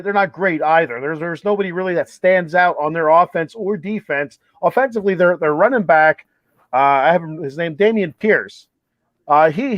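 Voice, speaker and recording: A chatty man co-hosting a sports show, his voice sitting a little high for a man. It comes through dull and lo-fi, very dry with no room sound. He talks in a loose stream full of restarts and fillers. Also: dry recording. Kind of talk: casual sports talk. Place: home room, with a TV playing a ballgame behind.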